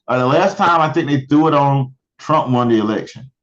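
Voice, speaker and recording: A man co-hosting a casual podcast chat, making offhand, deadpan asides. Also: mid-range voice, a little fast. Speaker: podcast co-host. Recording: slightly dull lo-fi mic.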